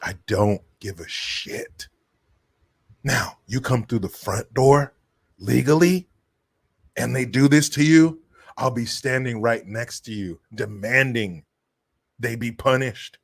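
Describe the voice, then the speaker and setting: A man's voice: mid-range voice, unhurried, creaky. A man from California hosting a live-stream commentary show, brash, profane and sarcastic. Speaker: political commentary host.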